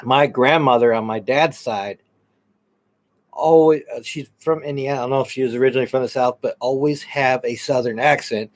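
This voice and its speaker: A man's voice: medium pitch, a little fast. A man with a mid-range voice chats loosely on a paranormal livestream. He rambles, laughs often and swears casually. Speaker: paranormal show co-host. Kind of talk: casual live-stream chat.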